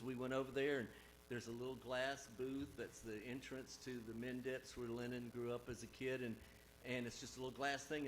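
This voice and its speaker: A man's voice: medium pitch, poor audio. Alabama-accented man bantering onstage. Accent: Southern US (Alabama). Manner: rambling, self-correcting, wry humor. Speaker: singer-songwriter performing live. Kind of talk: stage banter and storytelling between songs. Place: live music stage with audience. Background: guitar playing.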